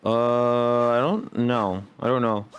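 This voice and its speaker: A young man with a subtle Southern US accent, a guest chatting on a stream. He tells animated stories, acts out what he said, and jokes with mock bravado. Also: medium pitch, takes it slowly, crowd noise. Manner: animated storyteller, acts out quotes, jokey bravado. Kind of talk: casual chat on a stream.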